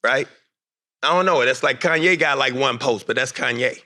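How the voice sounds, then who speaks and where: A man's voice: mid-range voice, moderate pace, sharp tone. A man moderating a panel, energetically quizzing young basketball players and coaxing answers.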